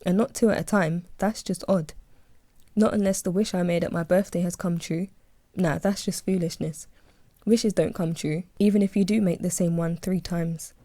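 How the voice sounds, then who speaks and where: A woman calmly reading her own first-person novel as an audiobook. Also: lowish voice, moderate pace, no echo. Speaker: audiobook narrator, author.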